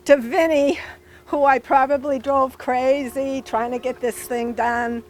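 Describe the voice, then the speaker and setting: A woman giving gentle, thankful remarks at an outdoor dedication ceremony. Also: on the high side. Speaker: family member giving remarks. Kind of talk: prepared speech.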